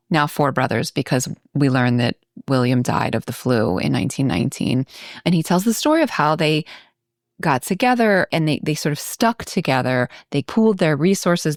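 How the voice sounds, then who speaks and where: Low-voiced woman chatting about a film. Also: dry recording, studio quality. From Baltimore. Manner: chatty, thinking aloud with many asides. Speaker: podcast co-host. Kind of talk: casual film discussion.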